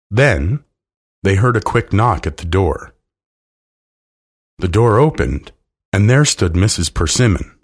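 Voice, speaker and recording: Slow deep-voiced male storyteller. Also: breathy edge. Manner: slow, expressive reading. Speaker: narrator. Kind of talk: storybook read-aloud.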